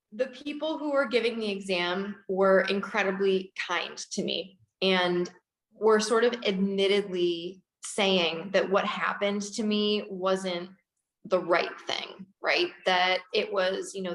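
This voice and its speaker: Lively woman dentist telling her story over a video call, lots of laughs, roomy echo. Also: mid-range voice. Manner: animated, laughing, acts out quoted people. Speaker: dentist guest. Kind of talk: storytelling in an interview.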